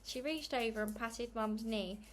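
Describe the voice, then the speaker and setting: A woman reading a children's novel aloud at home, in a steady, plain manner with small stumbles. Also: a little high, measured pace, slight background noise. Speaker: reader. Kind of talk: read-aloud storybook narration.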